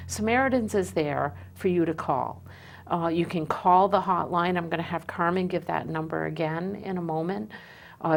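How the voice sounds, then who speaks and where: A woman host speaks to her audience in a slightly low voice, earnest and sincere. She pauses often with "um" between her thoughts. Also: gravelly. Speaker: host of a community talk show. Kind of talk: hosting a live community show.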